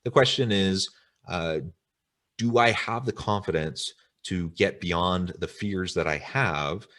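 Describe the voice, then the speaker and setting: Very deep-voiced male webinar host. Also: slow pace, fairly bright tone. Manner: reflective, wordy, with filler ums. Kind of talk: interview chat.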